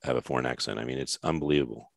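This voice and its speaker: A man's voice: rumbling low, rapid-fire, creaky, dry recording, studio quality. A man hosting a podcast interview, talking in a rambling, effusive, jokey way. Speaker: podcast host. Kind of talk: casual interview chat.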